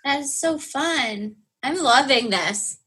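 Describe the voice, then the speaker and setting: A woman's voice: sits high, animated, slow pace, sharp tone, slight background noise. A woman co-hosting a casual interview podcast, bubbly and enthusiastic, with lots of fillers. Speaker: podcast co-host.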